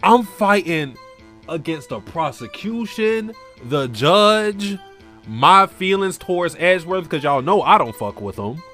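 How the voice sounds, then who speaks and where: An excitable streamer ranting through let's play commentary, loud, laughing and swearing. The voice swings widely in pitch, jumping high in outrage. Faint music plays underneath. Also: slow pace.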